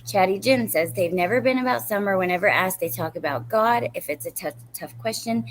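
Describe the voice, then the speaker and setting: A woman's voice: medium pitch, fairly quick, slight background noise. A woman in her thirties hosting a casual true crime livestream, rambling and greeting viewers by name as she reads their comments.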